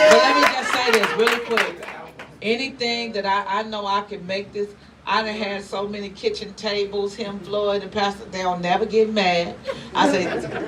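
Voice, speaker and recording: An older woman pastor speaking at a church gathering, thanking her team, animated and laughing often as she acts out their replies. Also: medium pitch, moderate pace. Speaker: apostle leading a church. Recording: distant mic, loud crowd and room noise.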